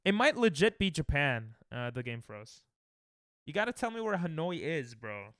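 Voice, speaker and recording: A young American man chats casually as he streams a guessing game, joking with and ribbing his viewers. His voice sits a bit high and sounds smooth and clear. The mic is close and dry, with no room sound. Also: sing-song, moderate pace, a bit bright, dry recording. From United States. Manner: joking, trash-talking chat, thinking aloud. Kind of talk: casual live-stream chatter while playing.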